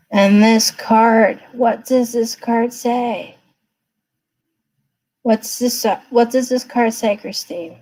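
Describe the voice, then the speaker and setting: Woman reading tarot live at her desk, slow and chatty, keeps checking in with a gentle "okay?". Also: a little high, fairly even intonation, low-quality recording. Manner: chatty, reassuring, often asks okay. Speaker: tarot card reader. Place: seated at a desk.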